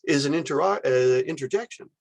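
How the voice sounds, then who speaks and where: This recorded university lecture features a man lecturing on philosophy at a moderate pace, his mid-range voice gravelly. He walks through ideas step by step, acting out example phrases with exclamations.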